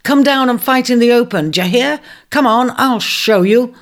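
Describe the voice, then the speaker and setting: A storyteller voicing a hot-tempered young ram who blusters loudly and boasts. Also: mid-range voice, moderate pace, pitched above the performer's own voice, close to an everyday voice. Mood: angry.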